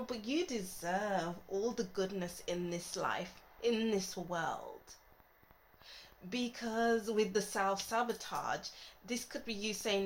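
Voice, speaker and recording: A woman giving a chatty, reassuring tarot reading into her phone, now and then laughing at herself. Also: medium pitch. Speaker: tarot reader.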